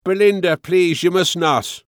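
A man's voice: on the high side, expressive, slow pace, fairly bright tone, clear, resonant tone, dry recording, clean studio sound, pitched above the performer's own voice. A man voicing an earnest, passionate father in a storybook reading, speaking in a raised, urgent, insistent way.

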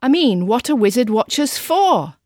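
A woman's voice: a little high, sing-song, normal speed, a little mellow, dry recording, voice pushed up. Brief: glum, kindly three-headed storybook monster, read by a woman, casual speech, dry close sound. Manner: heads take turns, casual, dropped-h talk.

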